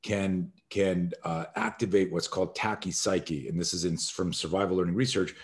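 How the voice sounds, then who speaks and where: A man with a fairly low voice tells a story as a podcast guest. He is an animated storyteller who acts out the scenes as he talks. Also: moderate pace. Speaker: guest, self-defense expert.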